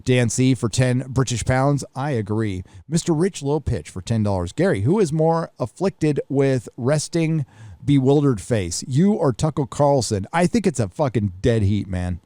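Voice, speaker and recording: Guy hosting a stream, reads chat then riffs, mellow dark voice, dead dry sound. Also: mid-range voice, animated, normal speed, no room sound. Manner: offhand, swears freely, reads messages aloud then riffs. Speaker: livestream host reading viewer donations. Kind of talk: casual live chat.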